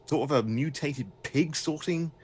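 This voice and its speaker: A man's voice: a little high, unhurried, a little mellow, slight background noise. A man narrating a tabletop game as game master, hesitant and full of fillers.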